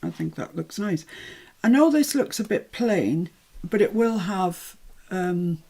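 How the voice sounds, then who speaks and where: Host: English woman, slightly low-pitched and breathy, chatty live-craft presenter who narrates her own work and pokes fun at herself. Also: lively intonation, slow, dark tone. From England. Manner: chatty, self-deprecating, thinks aloud while working.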